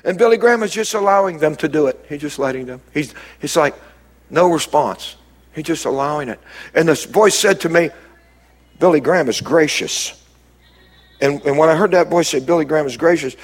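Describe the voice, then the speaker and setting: Man preaching, bit of a higher voice, kinda husky, gets loud then drops way down. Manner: preaching with sudden rises and drops, calls to the crowd. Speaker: pastor. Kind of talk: sermon.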